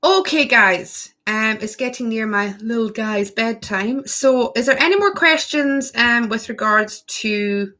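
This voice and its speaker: Her voice sits a little high and has a sharp edge, and she speaks unhurriedly with few pauses. She's hosting a spiritual workshop, gushing through a casual live-stream Q&A and answering viewers by name.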